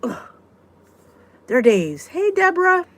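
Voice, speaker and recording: A woman's voice: very high-pitched, wildly swooping pitch, no echo. A woman hosting a live weight-loss support chat, talking casually, reading out viewers' comments and venting with a laugh. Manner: chatty, exclaiming, quick to vent and laugh.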